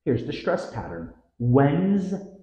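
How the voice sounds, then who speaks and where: A very animated, mellow mid-range voice leads a scripted pronunciation lesson, with the teacher drawing out model words slowly and stressing their syllables. The lo-fi sound comes from an echoey room.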